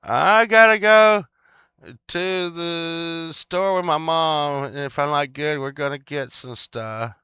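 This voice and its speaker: A man putting on the voice of a whiny little boy, pitched far above his own and pushed loud. The child pleads and complains in a bright, crisp tone. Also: slow pace, dry recording. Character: whiny young boy begging to leave.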